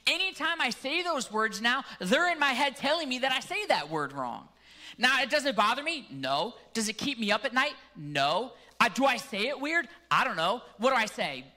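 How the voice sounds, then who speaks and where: Man, Canadian accent, pastor, sermon, casual, joking, bright tense tone. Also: very high-pitched, big pitch swings, normal speed.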